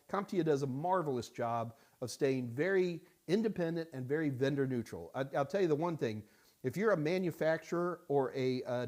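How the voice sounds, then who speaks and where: Guy hosting a live q&a stream, kinda high voice, jokey and chatty, shouts out viewers. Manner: chatty and joking, greets viewers by name. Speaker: host answering viewer questions. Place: Houston studio.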